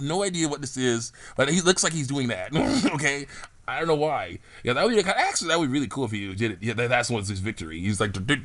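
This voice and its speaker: A man's voice: mid-range voice, a bit bright. A young man casually rambling about the game characters he makes, laughing often and restarting his sentences. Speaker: hobbyist game-character maker.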